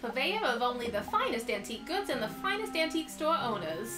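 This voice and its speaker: A woman's voice: a little high, big pitch swings, a little fast. A woman voicing a brassy old grandma who runs an antique shop, in a put-on New York accent and folksy manner full of pet names. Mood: sassy. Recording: echoey room with music behind.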